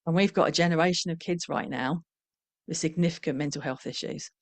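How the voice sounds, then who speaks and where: Speaking briskly in a low voice with no room sound, a middle-aged woman who teaches parenting to professionals reflects candidly and conversationally, voicing the parents and children she quotes.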